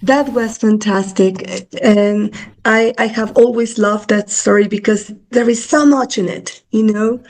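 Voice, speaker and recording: A woman's voice: medium pitch, steady tone, measured pace, a little mellow. Encouraging woman interviewer.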